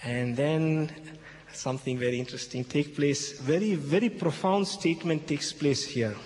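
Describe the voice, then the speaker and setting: A man with a somewhat high voice explains scripture to an audience in emphatic, slightly broken English, repeating his key points. The sound bounces around a large hall with a long tail of reverb. A faint hum of background noise sits under his voice. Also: normal speed, darkish tone. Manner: emphatic, repeats key phrases, checks in with "okay?". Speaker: Christian speaker addressing an audience. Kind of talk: expository talk retelling a Bible passage.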